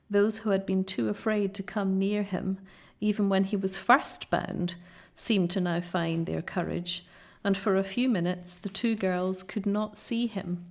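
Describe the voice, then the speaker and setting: A woman reading a children's novel aloud in a measured, dramatic storytelling manner. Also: medium pitch, gravelly. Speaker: audiobook narrator.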